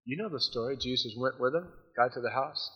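A man preaching a sermon, retelling Bible stories in a casual, animated way and acting out the characters' lines. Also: mid-range voice, fairly quick, slightly rough, highs cut off. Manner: storytelling, acts out the voices of Bible figures. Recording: long hall reverb.

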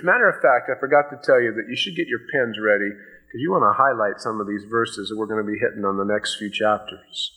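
Bright-voiced man preaching with slow emphasis. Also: medium pitch, rough recording. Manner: swings from slow, loud emphatic reading of scripture to quick asides; drops to a soft, hushed voice for personal points. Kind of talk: sermon.

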